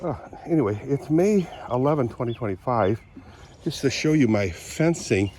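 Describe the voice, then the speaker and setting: A man of middle pitch with a lingering cold, rambling outdoors about his farm in a casual walk-and-talk vlog. He keeps clearing his throat and coughing between loose, chatty asides, recorded on a handheld camera out in the open air. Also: lively intonation, normal speed, a little mellow, slight background noise. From Southwest Michigan. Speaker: vlogger.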